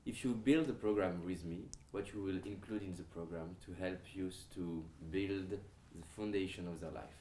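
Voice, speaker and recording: Low-voiced hesitant interviewer, roomy sound. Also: male voice, a little mellow. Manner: hesitant, halting phrasing with fillers. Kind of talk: interview questions. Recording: roomy sound with faint background noise.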